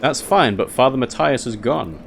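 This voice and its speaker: A man reading aloud the lines of a guarded woman librarian of a convent, in a measured, matter-of-fact way. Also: medium pitch, expressive, vocal fry, a little hiss or hum.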